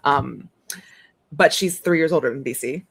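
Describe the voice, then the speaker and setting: A woman chatting casually as co-host, telling animated stories and laughing often. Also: sits low, normal speed, vocal fry, slightly rough. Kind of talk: casual chat.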